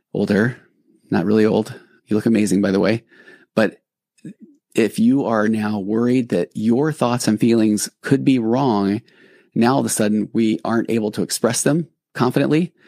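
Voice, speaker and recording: Gravelly low-voiced man hosting a podcast. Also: a little mellow, no echo, studio quality. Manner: earnest, reassuring and reflective; conversational, with frequent restarts. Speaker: podcast host. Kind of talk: casual podcast monologue.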